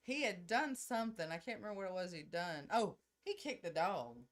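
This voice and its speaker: A middle-aged woman with a drawl, co-hosting a casual chat. She tells stories in a brash, loud way, punctuated with laughter. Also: on the low side, animated, fairly quick. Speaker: podcast co-host.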